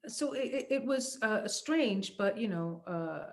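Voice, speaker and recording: A woman's voice: medium pitch, animated, unhurried. Middle-aged woman, interview guest, hesitant fillers, easy laughter, casual chat. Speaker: actress being interviewed.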